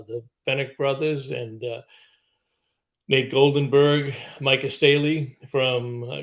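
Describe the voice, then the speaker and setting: A man hosts a casual live talk show at a middle pitch. He reads viewer comments aloud and wanders between thoughts, with frequent fillers and restarts. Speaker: show host. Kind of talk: casual chat.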